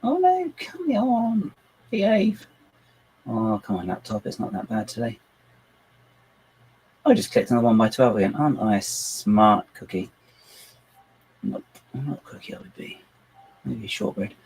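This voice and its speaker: Building models on his computer, this man hosts a laid-back home livestream, rambling, self-deprecating, and chatting with himself and his dog. His voice is on the low side, gravelly and darkish, at normal speed with long pauses. The rough recording carries a little hiss or hum.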